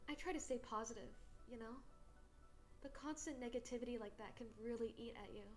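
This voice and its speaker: A woman's voice: on the high side, brisk, soft background music, close to an everyday voice. A woman voicing a young female dragon in a visual novel, an anxious but hopeful dreamer who talks in an earnest, confiding way. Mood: gloomy.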